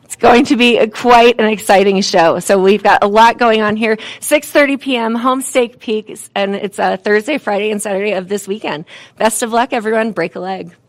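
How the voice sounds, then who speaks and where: A woman's voice: mid-range voice, moderate pace. A woman hosting a local morning TV show, bubbly and laughing a lot as she interviews guests.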